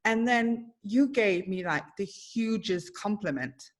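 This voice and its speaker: A woman's voice: mid-range voice, expressive, slow. A woman psychologist hosting a casual webinar conversation over a video call, talking in an effusive way with many fillers and restarts. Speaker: host, psychologist.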